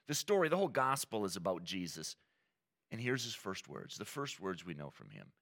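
A man preaching a sermon in a conversational, animated way, often acting out quoted lines. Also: low voice, fairly quick, gravelly. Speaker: pastor.

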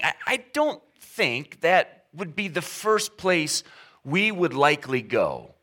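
A man preaching a sermon as pastor, talking conversationally with humor, slowing and stressing key words. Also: a little high, big pitch swings, bright, forceful tone. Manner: emphatic, with varied pace.

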